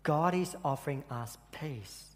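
Earnest man preaching in a reverberant hall. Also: fairly high pitch. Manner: earnest, halting with repeated restarts. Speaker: church speaker. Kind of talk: sermon with personal story. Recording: echoey hall with long reverb.

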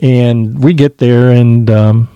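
A man's voice: medium pitch, steady tone, takes it slowly, clear, resonant tone, dry recording, muffled recording. A man casually telling stories from his youth, swearing freely and laughing as he goes. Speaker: podcast storyteller. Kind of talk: casual storytelling.

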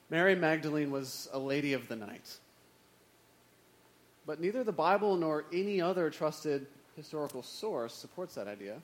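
A man gives a sermon in a relaxed, conversational way, dropping wry, self-mocking asides. His voice sits a little high for a man. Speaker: preacher.

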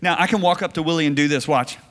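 A man's voice: fairly high pitch, quick pace, background noise. A middle-aged man preaching a sermon before a congregation, telling stories and acting out his own quoted words with laughs. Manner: storytelling, animated, with laughs and acted-out quotes. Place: church or conference hall. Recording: reverberant hall.

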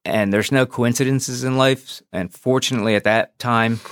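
A former police officer tells his own story on a podcast, frank and profane, re-enacting past conversations. His mid-range voice is fairly even in intonation, a bit bright and smooth, at a moderate pace, with a dry, clean studio sound.

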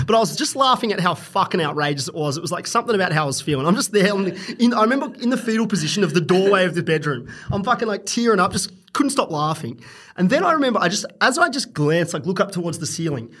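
A man's voice: high-pitched, fairly bright tone, slightly rough. A young man telling a story in casual podcast chat, rambling and profane, often laughing. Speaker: podcast guest.

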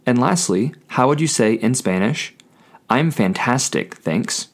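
A man hosting a scripted Spanish lesson, speaking clearly and patiently, repeating each phrase slowly for learners. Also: medium pitch, lively intonation. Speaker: Spanish language teacher.

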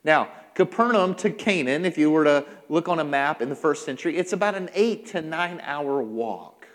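Brief: male pastor, slightly high voice, punchy repeated phrases, long church-hall echo. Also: expressive, moderate pace. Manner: emphatic preaching with repetition, acting out quotes. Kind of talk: sermon. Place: church sanctuary.

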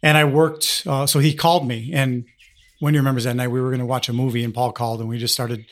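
A man's voice: mid-range voice, flat delivery, fast. A man guesting on a podcast as a coach, easygoing and explanatory. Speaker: disc golf coach, guest. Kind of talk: podcast interview.

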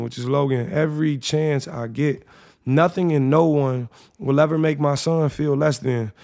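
A gravelly-voiced young man shares his old journal entries on a podcast. He talks loosely and slangily, then reads with raw emotion and reflection. His voice sits a little higher than most men's. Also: darkish tone. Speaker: podcast host. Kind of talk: reading personal journal entries aloud.

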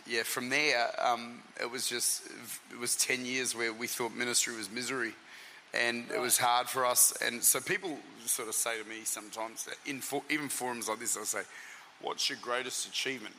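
A man with a very bright, forceful voice tells stories as an interview guest, stumbling over his words and starting again. His talk rings with a long hall reverb, and his pitch sits at the middle for a man. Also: moderate pace, slight background noise. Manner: lively storyteller, restarts and repeats words. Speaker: traveling preacher and senior pastor.

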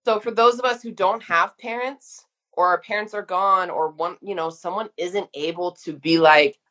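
A woman's voice: lowish voice, fairly even intonation, moderate pace, few pauses, fairly bright tone. A woman in her thirties speaking frankly and emphatically as a guest in a casual conversation. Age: 30s. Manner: frank, emphatic, uses mild swearing. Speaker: guest therapist.

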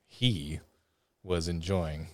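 A man's voice: low voice, very slow. A man co-hosting a podcast, cracking crude jokes and trailing off in mumbled asides. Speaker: podcast co-host. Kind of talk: casual crude banter.

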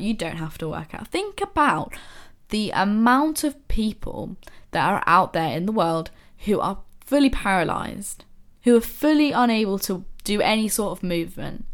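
A woman hosting a podcast, talking to listeners in a casual motivational monologue full of rhetorical questions and soft asides. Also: medium pitch. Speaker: podcast host.

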